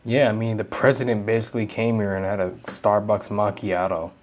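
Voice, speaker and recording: A man's voice: fairly low pitch, fairly even intonation, a little fast. A man commenting casually on a video game playthrough, joking and using slang. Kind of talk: casual let's-play reactions.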